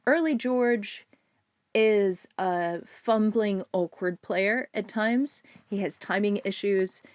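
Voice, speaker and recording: A woman hosting a podcast, talking about music in an analytical, animated way. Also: medium pitch, slow, no echo. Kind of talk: casual music discussion.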